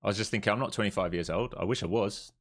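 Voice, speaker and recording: A man's voice: fairly low pitch, rapid-fire. A man giving casual, blunt live trading commentary, thinking aloud, repeating key points and swearing freely. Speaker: live stream day trader.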